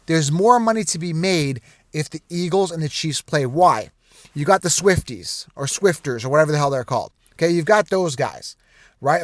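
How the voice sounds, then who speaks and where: Male sports host with a raised pitch, recorded dry and close, ranting casually to camera. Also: dry recording. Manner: animated, conspiratorial, repetitive asides. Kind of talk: casual direct-to-camera rant.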